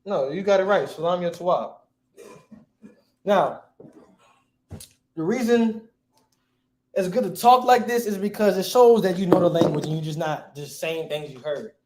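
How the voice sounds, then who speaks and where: A man's voice: sits high, moderate pace, pauses often, darkish tone. A man teaching a class in a casual, slangy way, quizzing his students. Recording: echoey room.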